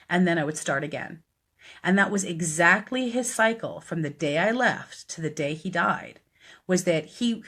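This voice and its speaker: A woman's voice: lowish voice, fairly bright tone, husky. A woman, a death doula, earnestly telling a personal story on a live stream, chatty and full of fillers. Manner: earnest, conversational, many fillers.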